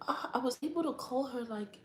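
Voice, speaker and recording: A woman's voice: high voice, brisk, echoey room, a little hiss or hum. A woman with an African accent hosting a casual livestream chat, often breaking into laughter and acting out the voices she quotes. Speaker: livestream host.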